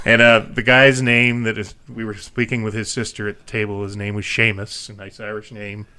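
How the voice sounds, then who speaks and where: A man casually telling a long story on a podcast, rambling and animated. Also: fairly low pitch, brisk, a crowd in the background. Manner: rambling, animated, laughs often.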